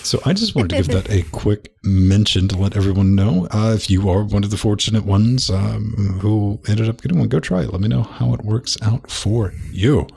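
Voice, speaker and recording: Gravelly low-voiced man, rambling. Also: normal speed, hardly any pauses, darkish tone. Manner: rambling, repeats words, says "man" a lot. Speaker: podcast co-host. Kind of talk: casual tech chat.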